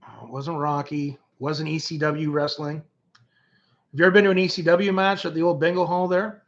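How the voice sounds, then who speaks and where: A man from Canada hosts a loose livestream, answering viewers by name and wandering from topic to topic. His voice sits a little high, and he often repeats and restarts his words. The stream audio is dull and lo-fi. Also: steady tone, moderate pace. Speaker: livestream host. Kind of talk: casual livestream chat reading comments.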